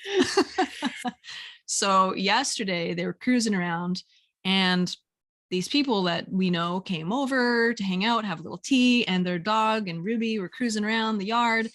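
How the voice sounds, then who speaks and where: A woman hosting a podcast, telling lively stories in casual chat and acting out what people said. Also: mid-range voice, normal speed. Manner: animated storyteller, acts out voices, laughs often. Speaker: podcast host.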